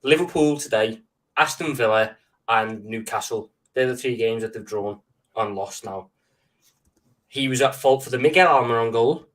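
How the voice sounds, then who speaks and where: A man's voice: medium pitch, moderate pace, recorded from a distance. Firm-arguing man, away from the mic. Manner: firm, argues point by point. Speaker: football panelist. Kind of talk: casual chat.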